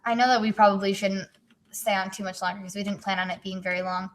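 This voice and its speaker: Her voice is mid-range and steady, with a quick pace. She's a teenage author and co-host giving a casual read-aloud of her own story, giggly and full of joking asides.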